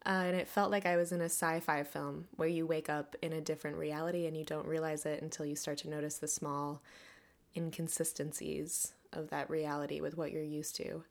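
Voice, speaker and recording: Low-voiced woman hosting a reflective monologue. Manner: earnest, reflective, with soft laughs. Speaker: podcast host. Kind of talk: personal monologue.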